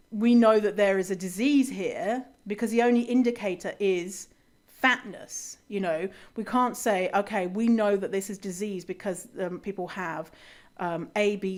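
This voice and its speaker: A woman hosting a solo podcast, sarcastic and chatty, rebutting quotes she reads aloud. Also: mid-range voice. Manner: frequent fillers and restarts, laughs often. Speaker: podcast host.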